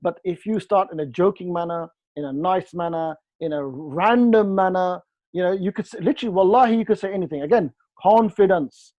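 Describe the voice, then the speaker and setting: A man runs a training session over a video call, talking in a lively, joking way and acting out little dialogues. His voice sits fairly high for a man. The sound is dry and dull, with a lo-fi edge. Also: a little fast, no echo.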